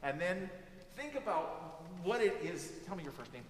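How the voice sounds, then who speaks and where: Here the teacher's voice sits high and moves at a normal speed, with a little hiss or hum on the track. He animatedly coaches a student in a music master class, singing phrases to show his meaning, from far off in an echoing hall.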